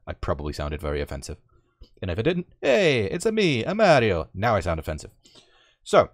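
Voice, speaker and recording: Male gaming host, low-ish voice with big swings, dry close sound, sarcastic and sweary. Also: no room sound. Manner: sarcastic, swears freely, rambles with self-corrections. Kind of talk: casual sarcastic game commentary.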